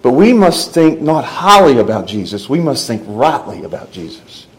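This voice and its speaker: A man's voice: medium pitch, big pitch swings, moderate pace, poor audio. A man preaching a sermon, emphatic, with rising and falling delivery. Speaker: pastor.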